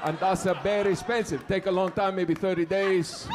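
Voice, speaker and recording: A comedian voicing a building super who rambles loudly in broken English. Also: male voice, high voice, fairly even intonation, moderate pace, a crowd in the background, noisy background, pitched above the performer's own voice, natural voice. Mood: rambling. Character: fussy immigrant building super man.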